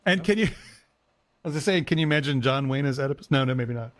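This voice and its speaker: A priest co-hosting a podcast speaks in an animated, brisk, mid-range voice. During a casual discussion he reads verse passages aloud, his emphasis building as he goes.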